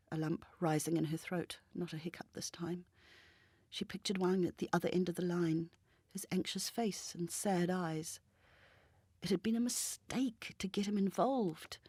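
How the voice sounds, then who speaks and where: A woman reads a novel aloud with steady, measured narration. Her voice sits a little low, and the recording is close and dry with no room sound. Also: slightly rough, no echo. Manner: even, measured storytelling. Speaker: reader. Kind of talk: scripted narration.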